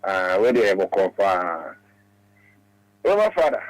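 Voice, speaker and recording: A man calling in to a radio show, talking in halting, broken English. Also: low-pitched, sing-song, no echo, low-quality recording. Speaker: radio caller. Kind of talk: phone-in talk.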